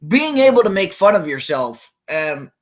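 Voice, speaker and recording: A man's voice: high voice, big pitch swings, moderate pace, noisy background. A male podcast co-host in casual sports chat, rambling with many restarts.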